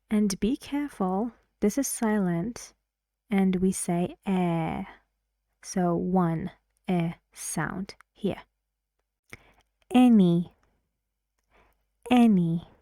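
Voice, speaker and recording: A woman teaching English pronunciation, modelling each word loudly, repeating it, and giving soft explanations in between. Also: medium pitch, dry recording, studio quality. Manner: models words loudly and repeats them, drops to soft asides. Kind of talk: slow, deliberate pronunciation lesson.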